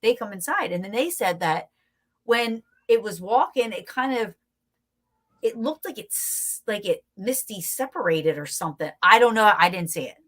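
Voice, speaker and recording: A woman guest telling a story in a casual, animated way, laughing often and swearing freely. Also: medium pitch, normal speed.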